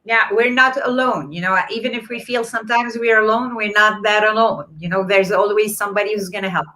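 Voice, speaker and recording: A woman's voice: medium pitch, fairly even intonation, brisk, slight background noise. A woman with a non-native English accent, hosting a live online event and reading out viewer comments with many fillers. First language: not English. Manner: warm encouraging, reads viewer comments aloud with fillers. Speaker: host. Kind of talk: live-streamed event chat.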